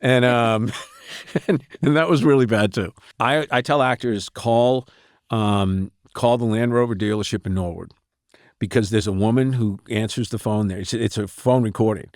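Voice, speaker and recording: A middle-aged man, talking as a writer guest in a relaxed, wry interview, laughing often as he tells stories. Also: lowish voice, normal speed, no echo, clean studio sound. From Boston. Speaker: novelist and screenwriter guest.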